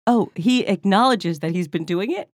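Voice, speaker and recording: A woman co-hosting a podcast in casual banter, playful and quick to push back. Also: mid-range voice, lively intonation, no echo, clean studio sound. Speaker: podcast co-host.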